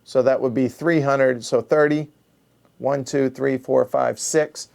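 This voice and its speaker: A man's voice: medium pitch, steady tone, unhurried, vocal fry, a little mellow. Man muttering counts through a board game. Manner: counting aloud under his breath while thinking; muttering, self-correcting. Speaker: board game show host.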